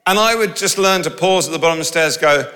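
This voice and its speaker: In a large hall, a middle-aged man preaches a sermon, his bright, forceful voice ringing with a long reverb. His voice sits on the high side and he talks fast, keeping things lively and conversational while slipping humorous asides between his points.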